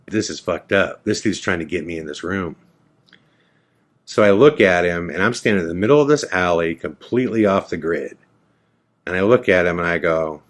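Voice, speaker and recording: A man's voice: deep voice, normal speed. A man hosting a podcast, casually telling a first-person story and acting out both sides of the conversation. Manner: animated retelling, acts out both sides of dialogue. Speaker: podcast host.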